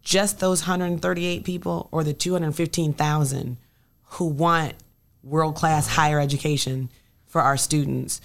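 Emphatic low-voiced woman. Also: steady tone, unhurried, vocal fry. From Illinois. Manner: emphatic, rallying. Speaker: state senator guest. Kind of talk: political chat.

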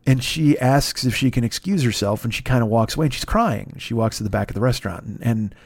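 A man's voice: mid-range voice, fast talker, dry recording. A man, hosting a podcast and telling a rambling, profane, self-mocking story full of restarts. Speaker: podcast host. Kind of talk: casual storytelling monologue.

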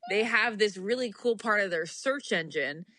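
A young adult woman co-hosting a podcast, telling stories in animated casual chat with frequent laughter. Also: mid-range voice, normal speed, no echo. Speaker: podcast co-host.

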